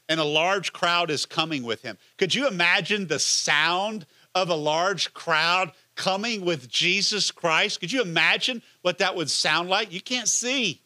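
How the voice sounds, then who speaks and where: A man's voice: a little high, sharp tone, no echo. A man, a pastor, preaching a conversational sermon and asking the listeners many questions.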